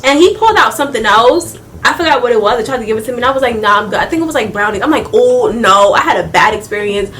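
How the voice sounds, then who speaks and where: A young woman telling a casual storytime vlog, animated and laughing often, talking straight to her viewers. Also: fairly high pitch, racing, hardly any pauses, slight background noise. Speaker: vlogger.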